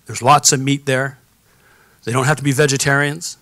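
A man's voice: medium pitch, level tone, moderate pace, bright, forceful tone, no room sound. A man preaching a conversational sermon, reading scripture and adding personal stories and rhetorical questions. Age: adult, has children. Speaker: pastor.

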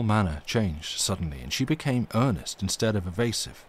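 A man reading a ghost story aloud on a live stream, with expressive, dramatic emphasis. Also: on the low side, brisk, few pauses, slight background noise.

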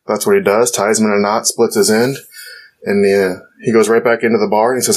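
A man as a podcast guest in casual chat, relaxed and quick to laugh. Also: lowish voice, rough recording. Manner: relaxed, laughs easily, loud when telling a joke. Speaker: podcast guest, forum owner.

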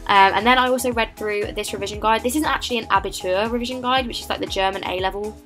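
A teenage woman with an English accent narrating a casual study vlog, chatty and animated with lots of filler words. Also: mid-range voice, fast talker, soft background music. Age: late teens. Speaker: vlogger.

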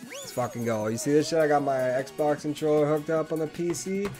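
Young male streamer for PC gameplay, foul-mouthed, veers from low muttering to shouting. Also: fairly quick, faint music behind. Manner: swings between mumbling asides and yelling outbursts. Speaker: gaming channel host. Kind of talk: profane gameplay commentary.

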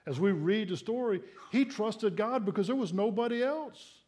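A middle-aged man preaching a sermon in a church, earnest and personal, dropping to hushed asides. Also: high voice, lively intonation, moderate pace. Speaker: pastor. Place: church sanctuary.

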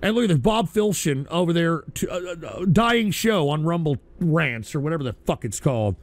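A male live-stream host ranting through broadcast commentary, profane and combative, swinging into shouting at his chat. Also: fairly high pitch, lively intonation, moderate pace, few pauses, no room sound.

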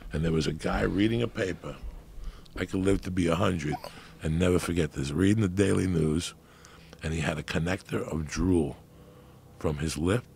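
Gravelly profane man in his fifties. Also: deep voice, a little hiss or hum. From New Jersey. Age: 50s. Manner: loud, profane, animated storytelling. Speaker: podcast guest. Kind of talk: casual chat.

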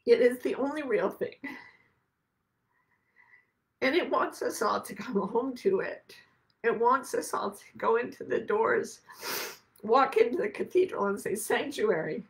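A woman's voice: fairly high pitch, unhurried, pauses often, low-quality recording. A woman hosting a podcast, giving a reflective spiritual talk in an earnest, emotional way, close to tears. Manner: earnest, emotional, softly repetitive. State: tearful, on the verge of crying. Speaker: podcast host.

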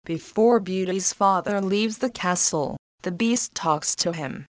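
Woman reading a storybook for learners, slow and clear, dry close sound. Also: lowish voice, no room sound. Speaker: narrator.

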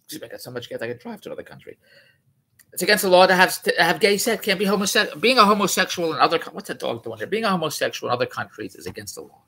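A male vlogger races along in a slightly high, sing-song voice that's a bit bright with a breathy edge. He riffs mockingly on a news article, drifting off topic, correcting himself, and sounding incredulous.

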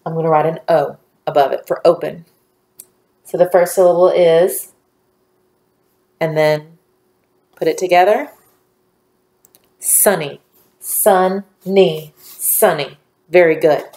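A woman teaching a phonics lesson to young children, patient and encouraging, drawing out each word slowly. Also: deep voice, mellow, echoey room.

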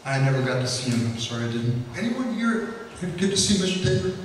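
A man's voice: sits high, big pitch swings, brisk, a little hiss or hum. A man giving a public history lecture, telling folksy anecdotes with frequent fillers. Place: lecture hall. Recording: echoey hall from far off.

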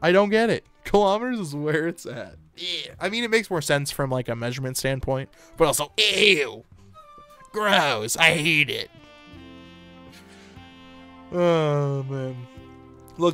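A man's voice: fairly high pitch, fairly bright tone. An American man streaming live, chatting casually and playfully with his chat, reading comments aloud and laughing often.

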